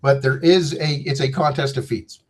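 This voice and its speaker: A man's voice: medium pitch, steady tone, normal speed. Man in his fifties, loose and digressive, chatting over a video call. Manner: rambling, joking, digressive. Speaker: game designer guest. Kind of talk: casual interview chat.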